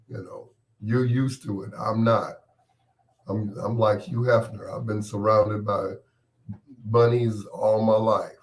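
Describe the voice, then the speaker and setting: A male late-night radio host with a cold, his voice a little stuffed up. He talks slowly in a lowish register, joking around and teasing listeners by name in a loose, laid-back way. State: has a cold, congested voice.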